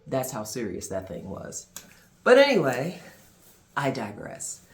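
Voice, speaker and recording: A man vlogger and minister telling a personal story to camera, with dramatic pauses and expressive delivery. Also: mid-range voice.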